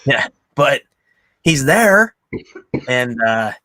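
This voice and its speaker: A man hosting a casual movie chat, retelling scenes with lots of swearing and excited quoted lines. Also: mid-range voice, extremely slow, no echo. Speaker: podcast host.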